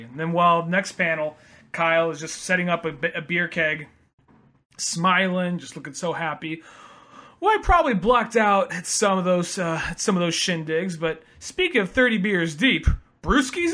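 Young guy, slightly high bright voice, joking podcast co-host. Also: lively intonation, normal speed. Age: young adult. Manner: joking, laughing banter. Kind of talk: casual chat.

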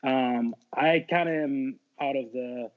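A man's voice: mid-range voice, slow. A man in a casual podcast chat about films, hesitant and hedging with many ums. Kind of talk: casual movie discussion. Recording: dull lo-fi sound.

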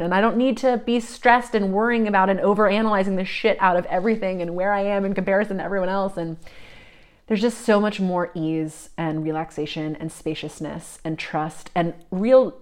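A woman giving a psychic reading, talking in a searching, meandering way with many fillers, often drifting soft and reflective. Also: fairly low pitch, fairly even intonation, normal speed. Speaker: psychic reader.

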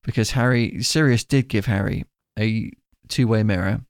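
Dry-joking man with a gravelly voice. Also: on the low side, normal speed, no room sound. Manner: dry, teasing jokes. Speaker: podcast co-host. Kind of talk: casual chat.

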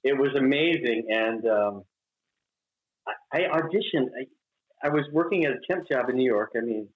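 A man's voice: medium pitch, normal speed. An older man from Mississippi, a guest telling stories in an interview, laughing often and acting out quotes. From Mississippi, US South. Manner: animated, laughing, acts out quotes. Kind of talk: storytelling interview chat. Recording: roomy, dull recording.

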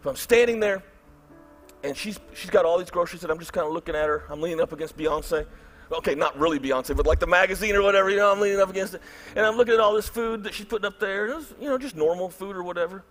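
Animated high-voiced pastor. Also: male voice, fast. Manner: animated, acts out his own inner voice loudly. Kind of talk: storytelling sermon.

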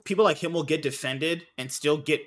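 A man co-hosting a casual podcast, animated and laughing often, quoting people in put-on voices. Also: fairly high pitch, a little fast. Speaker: podcast co-host. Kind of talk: casual group chat.

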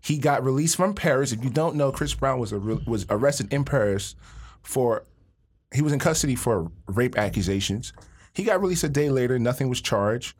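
A husky man talks on a podcast with lively swings in his voice. He is opinionated and slangy and stumbles over repeated words when he gets fired up. The delivery is casual and animated. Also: medium pitch, moderate pace. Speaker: podcast co-host. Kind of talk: casual chat.

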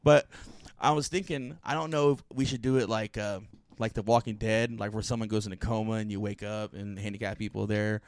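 A man's voice: on the low side, fairly even intonation, a little fast, hardly any pauses, dry recording, studio quality. Laughing man telling rambling stories. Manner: rambling storyteller, laughs often. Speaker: podcast host. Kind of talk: casual chat.

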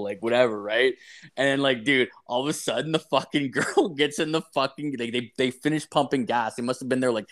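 A young man telling a story in casual chat, swearing constantly and full of fillers. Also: medium pitch. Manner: crude, swearing constantly, filler-heavy, animated retelling.

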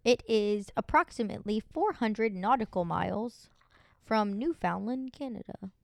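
A woman's voice: medium pitch, expressive, normal speed, vocal fry, no echo, studio quality. A young woman hosting a casual podcast chat, giggling as she reads search results aloud. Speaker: podcast host.

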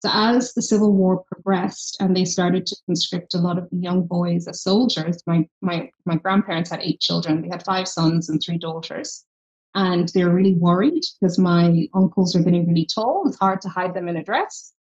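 A woman with a softened Irish accent, speaking in a fairly low voice as a guest on a podcast. She tells her stories with animation and sometimes acts out what people said. The recording sounds a little dull and muffled. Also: normal speed. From Ireland. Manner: animated storytelling, acts out quoted dialogue. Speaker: guest, health tech founder. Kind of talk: casual interview chat.

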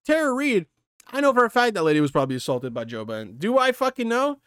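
A man's voice: sits high, sing-song, fast talker, fairly bright tone, clean tone, no room sound, clean studio sound. A man ranting with heavy profanity, reading a news article aloud and reacting to it in rambling asides. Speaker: commentator.

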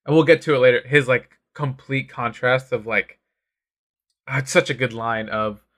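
A man talks in loose, excitable casual chat, piling up fillers and the odd curse. His voice sits at an ordinary middle pitch. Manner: excited, fast, full of filler words and swearing. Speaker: comic discussion co-host.

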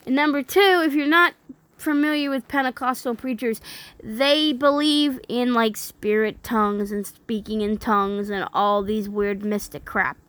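A woman reading a critique aloud and breaking off into indignant, incredulous commentary, with some halting restarts. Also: a little high, steady tone, fairly bright tone, no echo. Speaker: religious commentator.

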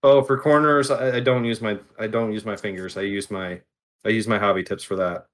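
A man's voice: lowish voice, steady tone, fairly quick. A man in casual chat, talking through his hobby steps while he works. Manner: chatty, explains hobby steps while working.

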